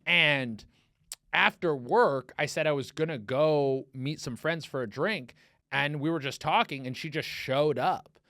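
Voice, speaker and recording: A man with a fairly high voice hosts a laid-back comedy podcast. He spins rambling, profane dating anecdotes and briefly mimics the people he quotes. The recording is close and dry, with no room sound. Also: measured pace, sharp tone, dry recording. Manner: rambling anecdotes, lots of swearing and fillers; acts out quoted people in his stories. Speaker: podcast host. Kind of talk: casual comedic podcast chat.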